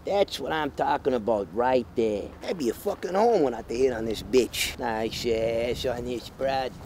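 A man's voice: medium pitch, measured pace, darkish tone, slight background noise, natural voice. A man playing a crude wise guy. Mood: storytelling. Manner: crude, swaggering, swearing constantly. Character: brash boastful Italian-American wise guy obsessed with mortadella. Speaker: comic actor. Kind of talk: comedy sketch character.

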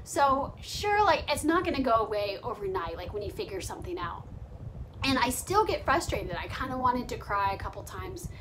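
A woman's voice: medium pitch, sing-song, normal speed, fairly bright tone, slight background noise, low-quality recording. A young woman vlogging at home, chatting casually and confessionally, laughing often and filling her talk with "like". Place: home during quarantine.

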